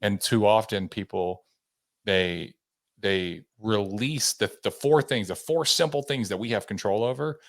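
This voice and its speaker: A man's voice: lowish voice, measured pace, vocal fry. A man hosting a podcast interview, talking earnestly and repeating words as he works through his thoughts.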